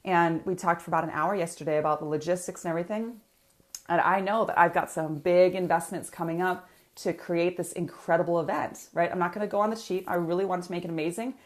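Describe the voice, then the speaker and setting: A woman's voice: lowish voice, steady tone, fast. A woman business coach, talking energetically to viewers in a live coaching session and reading out their comments.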